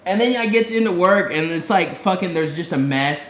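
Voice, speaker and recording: A man co-hosting a podcast, telling stories in a casual, profane, animated way. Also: sits high, normal speed, echoey room. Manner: profane, animated storyteller, heavy swearing. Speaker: podcast co-host. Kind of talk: casual storytelling chat.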